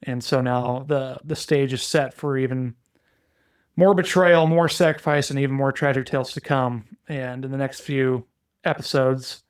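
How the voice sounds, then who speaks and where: A man co-hosting a podcast, retelling fantasy lore in a relaxed, chatty way with frequent restarts and filler words. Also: medium pitch, normal speed, smooth, no room sound, clean studio sound. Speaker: podcast co-host.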